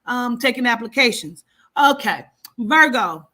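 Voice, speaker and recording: A woman's voice: a little high, expressive, unhurried, bright, forceful tone. A woman giving a casual astrology reading, talking to viewers in a chatty, playful, profane way. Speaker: horoscope reader.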